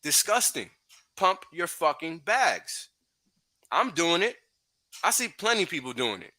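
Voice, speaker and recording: A man's voice: high-pitched, pushed and bright. A man hosting a livestream, ranting profanely and heatedly with frequent laughs. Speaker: podcast host.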